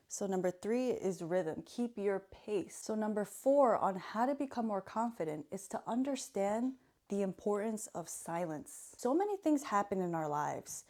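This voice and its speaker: A young woman, a student of mental health, giving earnest self-help advice to camera in a calm, measured way. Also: medium pitch.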